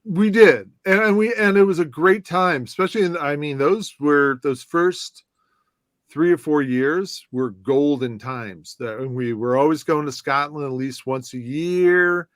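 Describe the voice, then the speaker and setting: A chatty former whisky brand ambassador from Chicago's southwest side appears as a guest, telling animated anecdotes full of restarts and fillers in casual conversation. His voice is a little high and measured in pace. The recording is dry and clean, with studio sound.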